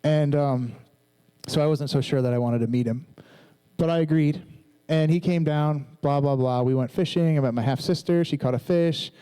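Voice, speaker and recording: Guy in his 30s telling his testimony in a sermon, chatty and animated, mellow tone. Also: a little high, moderate pace, smooth, poor audio. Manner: casual storytelling, animated. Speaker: preacher.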